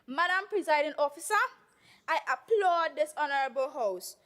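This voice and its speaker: A teenage girl with a Tobagonian accent giving an earnest, measured debate speech as a youth assembly member in a legislative chamber, reading from prepared remarks. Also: high voice, fairly bright tone.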